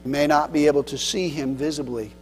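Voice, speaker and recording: A man pastor preaching a sermon earnestly, swinging between loud emphasis and soft, low passages. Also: fairly even intonation, a little fast. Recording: long hall reverb with mains hum.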